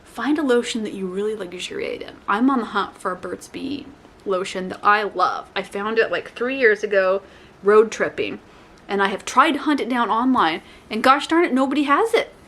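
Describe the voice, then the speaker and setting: A woman vlogger talking casually to the camera, rambling and correcting herself, with lively, playful asides to her viewers. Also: medium pitch, moderate pace. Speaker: lifestyle vlogger. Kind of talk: casual chatty advice to camera.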